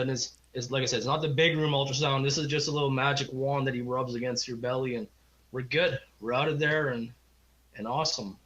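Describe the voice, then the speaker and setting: This time the Canadian guest moves briskly, his medium-pitched, slightly bright voice keeping a steady tone. He's a middle-aged man telling a long, rambling, heartfelt story in a casual interview, imitating the people he quotes, on slightly dull lo-fi audio.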